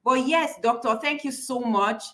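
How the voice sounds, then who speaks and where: A woman's voice: a little high, normal speed, sharp tone. A woman hosting an online class, affirming and encouraging her guest and listeners. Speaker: host of the class.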